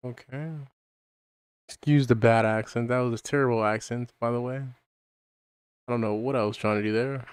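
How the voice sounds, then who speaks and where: A man's voice: mid-range voice, steady tone, normal speed, long pauses, clear, resonant tone, no echo, studio quality. A man hosting a podcast stream, rambling casually and muttering to himself while he sets things up. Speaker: podcast host. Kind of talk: casual livestream chat.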